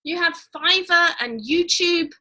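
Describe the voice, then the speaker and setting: A woman hosting a casual live-stream chat, excited and gushing as she greets her guest. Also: extremely high pitch, unhurried. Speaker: livestream host.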